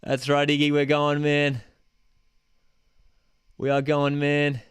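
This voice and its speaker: A young man hosting a live football watchalong, celebrating loudly and reading out chat messages. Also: a little high, completely flat delivery, takes it slowly, clean tone, no echo, studio quality. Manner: ecstatic, shouting, calls everyone man and dude.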